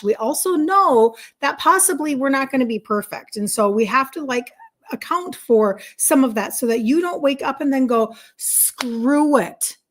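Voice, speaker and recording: A middle-aged woman runs a casual livestream as a health coach, upbeat and fired up as she greets viewers and reads their comments aloud. Her voice is a little high.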